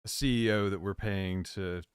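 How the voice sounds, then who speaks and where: A man co-hosts a live stream in a low, smooth voice, easygoing and joking, often wandering off mid-sentence. The sound is dry and close-miked. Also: fairly even intonation, normal speed, no room sound. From Virginia. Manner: laid-back, joking, rambling. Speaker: co-host.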